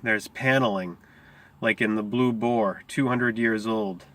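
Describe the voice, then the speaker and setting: A man reading aloud as a quiet, intense teenage gang member, in a low, measured, brooding delivery. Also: fairly even intonation.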